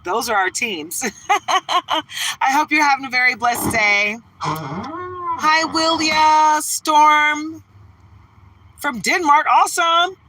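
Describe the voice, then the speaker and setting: A woman's voice: high-pitched, expressive, takes it slowly, pauses often, a crowd in the background, poor audio. A woman from Detroit, Michigan hosting a live tarot stream, chatting bubbly and greeting viewers by name. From Detroit, Michigan, USA. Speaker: livestream tarot reader. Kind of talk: casual livestream chat.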